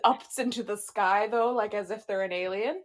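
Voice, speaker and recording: A young adult woman co-hosting a podcast, chatting casually with playful, excitable storytelling. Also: medium pitch, moderate pace. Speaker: podcast co-host. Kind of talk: casual chat.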